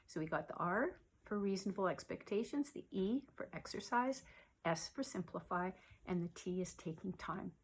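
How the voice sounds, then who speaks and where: A woman giving gentle self-care advice in a soft-spoken way, often sinking to a near-whisper, with many pauses and fillers. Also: medium pitch, expressive, slightly rough. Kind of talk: slow, gentle advice talk to camera.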